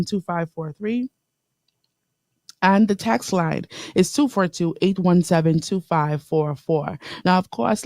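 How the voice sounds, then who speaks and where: Gravelly-voiced woman radio host. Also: low-pitched, no echo, studio quality. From the Bahamas. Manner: lively, talks straight to listeners, repeats key lines slowly. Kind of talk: inspirational radio talk show. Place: radio studio.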